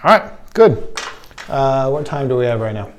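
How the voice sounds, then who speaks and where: A man at a mid pitch speaks casually to a classroom of students. He is winding down a lesson and loosely invites questions, with the easy, unhurried manner of a friendly teacher. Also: slight background noise. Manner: relaxed, informal, inviting questions. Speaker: language teacher.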